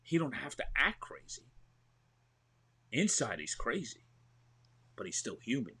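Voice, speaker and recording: A man, an actor talking excitedly in a remote interview, full of "you know what I mean". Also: medium pitch, measured pace, husky. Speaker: actor and show host, guest. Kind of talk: animated conversational interview.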